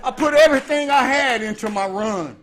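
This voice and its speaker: Preacher, man, high bright voice, lively storytelling that swells into shouts. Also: fairly quick, slight background noise. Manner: animated, laughing, rising to shouts. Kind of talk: storytelling sermon.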